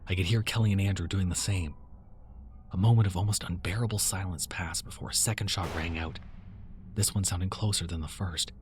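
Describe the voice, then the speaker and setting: A man narrating a first-person horror story in a tense, measured way. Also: sits low, steady tone, slight background noise.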